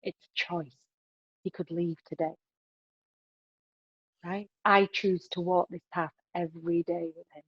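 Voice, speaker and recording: A woman's voice: lowish voice, little pitch movement, a little slow, pauses often, slightly rough, no echo, dull audio. A woman being interviewed on a podcast, giving relationship advice in an emphatic way and often adding "right?" to her points. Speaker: podcast guest.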